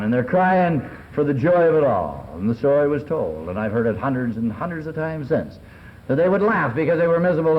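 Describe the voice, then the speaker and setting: Folksy American man on old tape. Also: medium pitch. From Southern California. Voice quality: clears throat often. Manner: folksy storytelling, street slang. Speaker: AA speaker. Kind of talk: recovery meeting talk. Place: convention hall. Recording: dull lo-fi 1970s tape recording.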